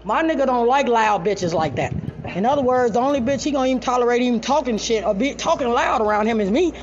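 A woman's voice: a little high, expressive, fast, background noise. A woman telling a story in a casual way, blunt and profane, laughing often. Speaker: storyteller addressing an audience. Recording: dull lo-fi recording.

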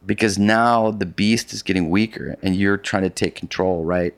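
A middle-aged man telling a long story in a casual conversation, animated and rambling with many restarts. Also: low-pitched, normal speed, gravelly, no echo. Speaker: guest, polar expedition adventurer.

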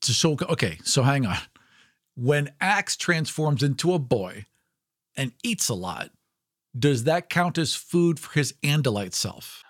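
A man's voice: mid-range voice, animated, a little slow, a bit bright. A man co-hosting a casual book-club podcast, asking eager questions and reacting to the plot. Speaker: podcast co-host.

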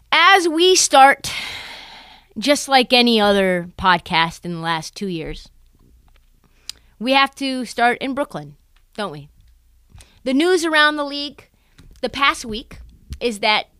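A woman's voice: mid-range voice, a bit bright, clear, resonant tone, dry recording. A young adult woman hosting a casual basketball podcast, telling a story with animation and acting out other people's voices. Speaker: podcast host.

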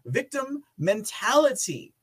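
A man's voice: extremely high pitch, big pitch swings, slow pace, a bit bright, husky. A man hosting a political commentary podcast, sarcastic and often laughing. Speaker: podcast host.

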